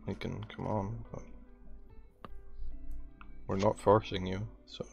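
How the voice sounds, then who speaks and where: A man's voice: low voice, level tone, slow pace, gravelly, a little mellow, lo-fi sound, faint music behind. A man co-hosting a casual podcast, playful and laughing.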